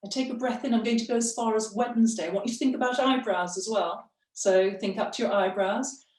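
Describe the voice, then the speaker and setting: A middle-aged woman, a voice coach, leads a breathing workshop, demonstrating exercises and encouraging her audience. Her voice sits on the high side, a little mellow, and she speaks fairly quickly. The recording is roomy, with her off-mic.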